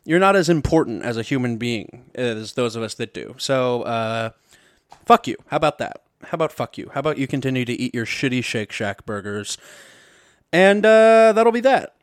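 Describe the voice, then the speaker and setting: Profane, rambling podcast host from Missouri. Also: male voice, mid-range voice, brisk, few pauses, no room sound, studio quality. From Missouri, USA. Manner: profane, rambling, self-interrupting, jokey. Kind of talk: casual comedic rant. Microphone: podcast mic.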